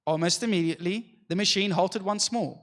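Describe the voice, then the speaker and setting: A young man speaks to a church youth group in a slightly high voice, recounting a story and checking in with his listeners. His voice carries a long reverb from the hall around him. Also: fairly quick, a bit bright. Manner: storytelling, addresses the group with repeated "okay?".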